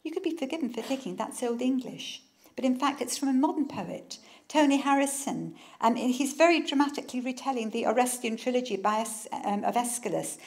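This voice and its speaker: A woman's voice: on the high side, a little fast. A woman author giving an informal public talk, chatty and enthusiastic, often wandering off on asides.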